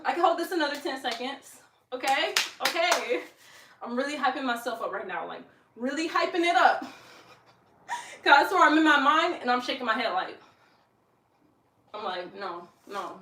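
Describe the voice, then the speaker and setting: High, bright-voiced woman, breathless workout chat, mic set back in an echoey room. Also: far from the mic, slight background noise. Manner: chatty, laughing, counts aloud. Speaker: fitness vlogger. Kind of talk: casual workout livestream chat. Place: home room with an exercise mat.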